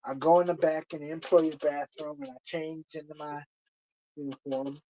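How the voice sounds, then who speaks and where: A man with a somewhat high voice tells a long story in a loose, rambling way. He circles back, repeats phrases and fills gaps with "you know". The audio is dull and lo-fi. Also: fairly even intonation, moderate pace, warm tone. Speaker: streamer. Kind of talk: casual storytelling.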